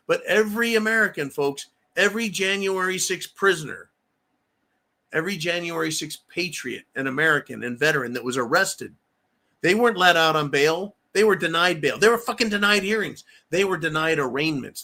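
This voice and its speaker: A man's voice: on the high side, sharp tone. A middle-aged man hosting a live stream, reading viewer comments and answering them in a profane, emphatic rant.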